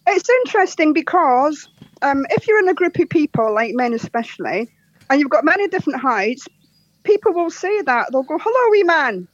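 A woman from Scotland with a soft, posh Scottish accent, chatting as a podcast guest, laughing often and telling jokes. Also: sits high, big pitch swings, normal speed, dry recording, dull audio. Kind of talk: casual interview chat.

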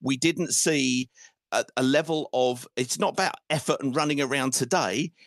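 Frustrated football fan, swearing. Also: male voice, medium pitch, fairly bright tone, dry recording, clean studio sound. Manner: swearing, frustrated, halting restarts. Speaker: host of a fan phone-in. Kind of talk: casual football fan rant.

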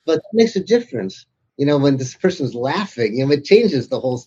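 A man being interviewed about his book tells amused, anecdotal stories. His voice is husky and mellow, and the recording sounds dull and lo-fi. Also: mid-range voice, big pitch swings, brisk. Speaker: author and interviewer guest. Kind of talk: casual interview chat.

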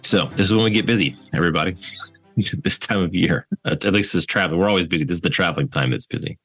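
Low-voiced male podcast host. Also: faint music behind. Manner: relaxed, halting with fillers. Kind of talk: casual book discussion.

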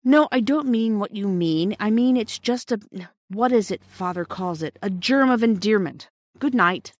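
A woman's voice: medium pitch, lively intonation, normal speed, no room sound, voice pushed up, lightly acted. Woman voicing an earnest young boy, eager, lifted voice, dry recording. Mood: explaining.

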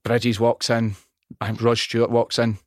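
A middle-aged Scottish man chatting on a podcast, telling an animated, sweary story and acting out the dialogue. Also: mid-range voice, normal speed, no room sound, clean studio sound. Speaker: podcast guest. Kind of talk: casual chat. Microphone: studio microphone.

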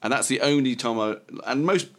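A man's voice: medium pitch, animated, a little fast, a bit bright. A man co-hosting a podcast, musing and digressing in casual chat about music. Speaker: podcast co-host.

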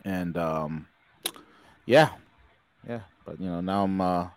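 A man's voice: deep voice, slow, clear, resonant tone, no room sound, poor audio. A man hosting a casual live-stream talk show, jokey and rambling, laughing at his own gags. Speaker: host.

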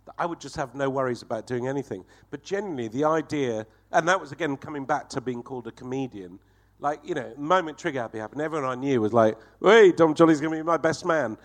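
A man's voice: mid-range voice, quick pace. A man telling a swearing, laughing anecdote as a guest. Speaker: guest comedian. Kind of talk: storytelling anecdote.

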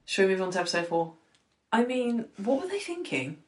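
A young woman co-hosting a podcast in a casual, animated chat, full of "like" and quick asides. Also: medium pitch. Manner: animated, excitable, lots of "like". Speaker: podcast co-host. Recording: echoey room.

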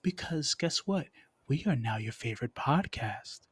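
A man's voice: medium pitch, lively intonation, measured pace, slightly rough, no echo. A man hosting a podcast, chatting casually with a rambling, stammering manner full of restarts. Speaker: podcast host. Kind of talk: casual chat.

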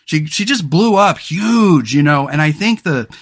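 A man's voice: fairly high pitch, lively intonation, unhurried, husky. A man hosting a solo podcast in casual talk, rambling and frank, with many fillers and restarts. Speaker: podcast host.

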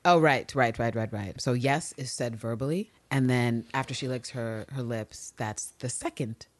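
A woman co-hosting a podcast in casual recap chat, animated and profane. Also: moderate pace. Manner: animated and profane, with sudden jumps in pitch. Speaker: podcast co-host.

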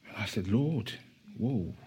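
Husky man preaching with rising fervor. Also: fairly low pitch, lively intonation, slow, dark tone. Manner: impassioned, rising to emphatic declarations. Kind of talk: sermon.

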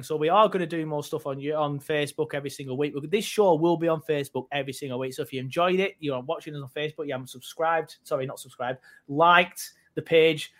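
A young man hosts a casual football podcast. His voice sits fairly high. He talks in a chatty, loose way with casual swearing. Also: fairly bright tone. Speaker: podcast host.

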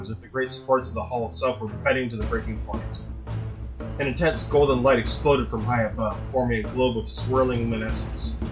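A man reading a dramatic story aloud in a steady storytelling voice. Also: mid-range voice, rough recording. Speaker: narrator. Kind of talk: scripted audiobook narration.

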